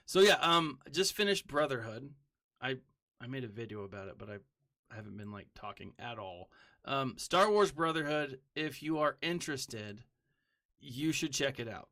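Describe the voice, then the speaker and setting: A young adult man streaming a game live, chatting casually and rambling between moves, now and then humming to himself or shouting a greeting to a viewer. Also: mid-range voice, lively intonation, moderate pace. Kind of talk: casual live-stream chat while gaming.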